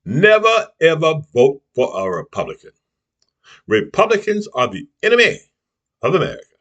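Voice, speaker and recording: Man, YouTube commentator, angry preachy rant, husky, lively pitch, frequent "huh?" tags. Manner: preachy, keeps tossing in "huh?" and "you see what I'm saying"; angry, name-calling. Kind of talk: impassioned political rant to camera.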